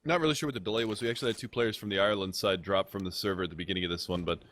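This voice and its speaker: An American man commentating an esports match with energetic, teasing banter. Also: lowish voice, very fast. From United States. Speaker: esports caster.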